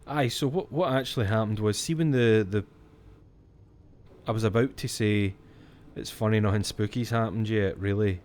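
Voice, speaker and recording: On a horror-game let's-play stream, a Scottish man with a fairly low, slightly mellow voice chats at a moderate pace. He rambles casually, thinks out loud and curses when startled, with a faint hiss beneath the recording.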